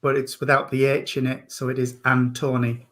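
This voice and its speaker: A man's voice: medium pitch, monotone, a little fast, fairly bright tone. A man, a reverend and medium, hosting an online service with affectionate, chatty readings over a video call. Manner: affectionate, calls people darling and sweetheart.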